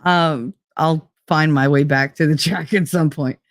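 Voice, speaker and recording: A woman's voice: deep voice, steady tone, measured pace, no room sound, clean studio sound. A woman with a New Jersey accent, tired from lack of sleep, chatting casually and profanely with her live chat and drifting off topic. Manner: rambling, profane, easily sidetracked. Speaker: livestream host.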